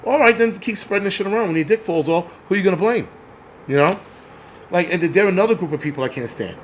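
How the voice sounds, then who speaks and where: A man rants angrily and crudely as the host of his own stream. His voice sits a bit high for a man. He talks in a blunt, profane, mocking way. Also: lively intonation, fast, a little hiss or hum. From New York. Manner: angry, crude, mocks others in put-on voices. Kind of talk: profane livestream rant.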